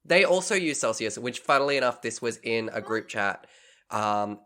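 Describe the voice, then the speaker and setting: A man's voice: mid-range voice, animated, moderate pace, sharp tone. A man, co-hosting a casual podcast, chatty and prone to slipping into playful voices while telling stories. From Australia. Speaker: podcast co-host. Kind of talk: casual chat, storytelling.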